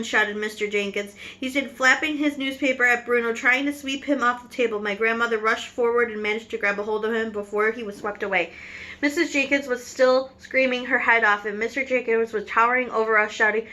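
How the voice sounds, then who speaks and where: A woman's voice: on the high side, fairly even intonation, fairly quick, bright, forceful tone. A woman reading a storybook aloud to children, now and then stumbling and correcting her words. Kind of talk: storybook read-aloud narration.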